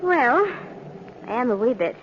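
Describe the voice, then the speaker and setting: A woman playing a sweet, excitable young bride-to-be in an old radio drama, talking eagerly. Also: fairly high pitch, unhurried, background noise. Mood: curious. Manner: breathless, eager, girlish. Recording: dull vintage radio recording.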